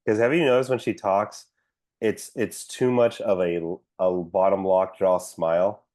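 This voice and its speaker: A man's voice: sits low, fairly even intonation, measured pace, darkish tone. A man co-hosting a podcast, ranting about his opinions in casual chat with lots of fillers. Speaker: podcast co-host.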